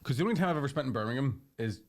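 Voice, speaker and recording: Fast-talking Northern Irish man. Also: medium pitch, lively intonation. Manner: quick, swearing, jokey, puts on voices. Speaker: podcast co-host, comedian. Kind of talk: casual banter.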